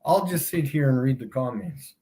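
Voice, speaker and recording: A man's voice: medium pitch, animated. A man hosting a live stream, taunting his chat in a mocking tone and laughing often. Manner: slow, drawn-out delivery with big swings in loudness. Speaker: livestream host.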